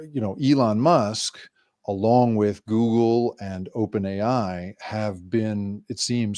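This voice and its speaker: A man's voice: fairly low pitch, no echo. Talkative male journalist, dry sound. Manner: animated, explanatory, with many restarts. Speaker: guest journalist. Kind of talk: remote interview.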